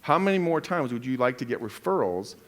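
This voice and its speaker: Panel speaker: mid-pitched man, direct, questions the room. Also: sing-song, fairly quick. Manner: direct, asks the audience questions. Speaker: real estate agent on a panel. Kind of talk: live seminar teaching.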